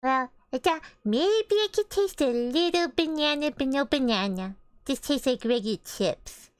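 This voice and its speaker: A woman's voice: sits high, animated, unhurried, dry recording. A young woman joining a stream, chatting casually in a teasing, playful way. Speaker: streamer's housemate guest. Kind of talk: casual chat.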